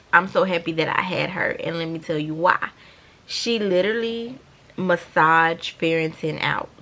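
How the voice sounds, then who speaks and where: Gravelly-voiced chatty woman. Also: on the low side. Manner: animated, chatty, addresses viewers as y'all. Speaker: vlogger. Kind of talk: storytime vlog.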